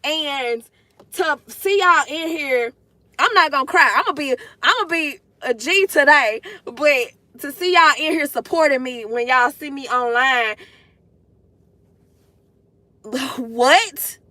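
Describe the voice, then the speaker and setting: Woman, livestreamer, high bright voice, dry close sound, gushing, in a car. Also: unhurried, no room sound. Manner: gushing, emotional, addresses chat directly. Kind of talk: casual livestream chat to viewers. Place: in a parked car.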